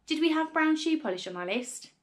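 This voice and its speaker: A woman reading a storybook aloud, voicing a calm, earnest young boy who answers in a matter-of-fact way. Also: high voice, a little fast, voice pushed up.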